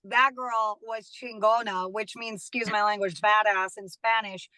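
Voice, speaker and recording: Bright-voiced woman chatting as a guest. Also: medium pitch, fairly even intonation, unhurried, no echo, low-quality recording. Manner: chatty, warm, laughs often. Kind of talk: casual chat. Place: studio.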